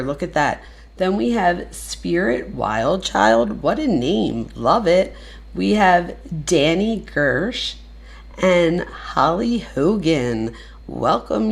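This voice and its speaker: A woman hosts a live stream in a slow, unhurried way with a gravelly edge to her voice. She is effusive and chatty with her viewers. Her pitch sits on the low side. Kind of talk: casual live stream chat.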